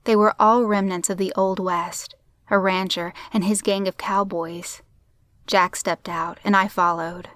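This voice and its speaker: A woman narrating a crime story in a steady, measured audiobook reading. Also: mid-range voice, no room sound.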